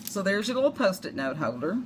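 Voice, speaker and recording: A Southern US woman walks through a crafting tutorial in a noisy home recording, rambling and making self-deprecating asides. Her mid-range voice is sing-song and brisk.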